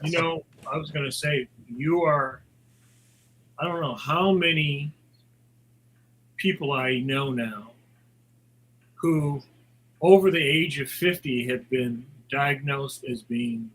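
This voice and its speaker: A man co-hosting a casual interview, asking slow, searching questions with frequent repeats. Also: mid-range voice, a bit bright, slightly rough, low-quality recording. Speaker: co-host.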